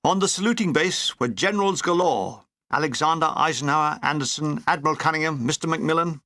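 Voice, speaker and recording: A man's voice: fairly high pitch, a little fast, pushed and bright, no room sound. A man reading a comic war memoir aloud with dry, wry storytelling. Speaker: audiobook reader.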